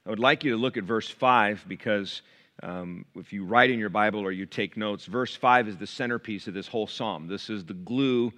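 A man preaching a sermon to his church, shifting from quiet, close asides to loud, raised passages. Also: lowish voice, moderate pace. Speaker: pastor. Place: church sanctuary.

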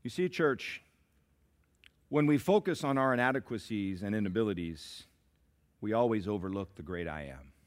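A man preaching a sermon as pastor, swinging between shouted climaxes and hushed, slow asides. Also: lowish voice, lively intonation. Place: church sanctuary.

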